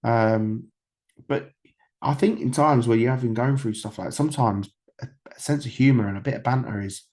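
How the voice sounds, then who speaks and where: A man's voice: medium pitch, normal speed, a little mellow. A man in his thirties from the United Kingdom, a podcast guest telling stories candidly, rambling with fillers, restarts and swearing. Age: 30s. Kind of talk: candid conversational storytelling.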